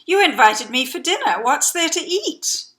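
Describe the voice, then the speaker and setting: A woman voicing a greedy, boastful male cat who brags and threatens in drawn-out words. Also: high-pitched, big pitch swings, pushed and bright, pitched above the performer's own voice, full character voice.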